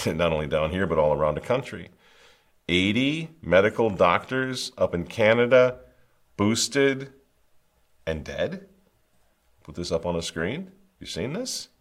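Male show host, low-pitched, fiery and mocking; opinionated commentary. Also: fairly bright tone. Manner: fiery, sarcastic, mocking asides with chuckles.

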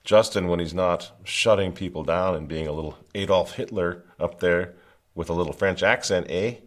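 A man hosting a political commentary show, fiery and sarcastic, with mocking chuckles. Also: deep voice.

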